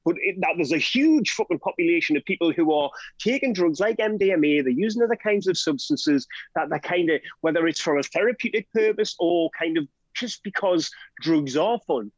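A Geordie man from Northeast England with a slightly high voice guests on a podcast as a drug harm-reduction trainer, fired up in a passionate conversation. He rants rapidly and swears a lot, peppering his talk with "right?" and "do you know what I mean". The podcast audio is dull and dry, with no room sound.

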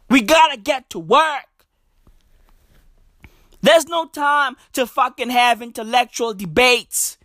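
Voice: medium pitch, a bit bright, no echo, studio quality. A stand-up comedian, ranting profanely in a comedy routine and hammering lines through repetition. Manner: profane, ranting, emphatic with repeated catchphrases.

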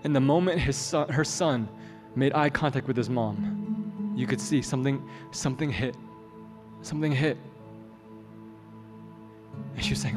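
A man preaching a sermon as a pastor, telling a story in a relaxed, joking way. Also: medium pitch, moderate pace, long pauses. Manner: conversational, joking asides. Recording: long hall reverb, soft music.

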